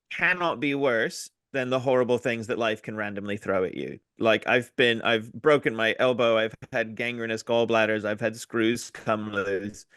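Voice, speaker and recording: Bright, crude joking New man. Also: mid-range voice, smooth, no room sound, clean studio sound. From New Zealand. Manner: crude, jokey storytelling. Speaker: comedian, podcast host. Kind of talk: casual chat.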